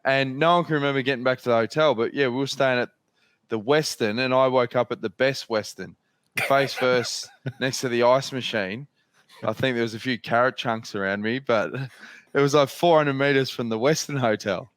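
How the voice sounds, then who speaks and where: A man's voice: mid-range voice, normal speed, fairly bright tone, clean tone, no room sound. An Australian man hosting a podcast, telling long, rambling stories in casual chat and swearing freely. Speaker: podcast host.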